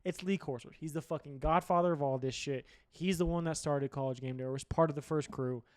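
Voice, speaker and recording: A man's voice: on the high side, fairly quick, a little mellow, no room sound, studio quality. A man hosting a sports show, giving blunt, profane opinions in a rambling solo rant. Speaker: sports podcast host.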